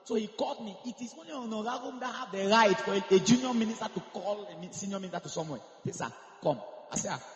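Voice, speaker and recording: A man, preaching a sermon and telling stories, moving from hushed asides to shouted climaxes. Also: high-pitched, racing, few pauses. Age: 30s. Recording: echoey hall with long reverb.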